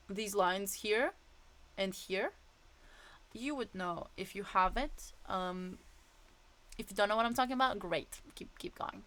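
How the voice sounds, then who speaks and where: A woman's voice: on the high side, sharp tone. A woman voice teacher explaining vocal exercises in a casual, demonstrative way with frequent fillers.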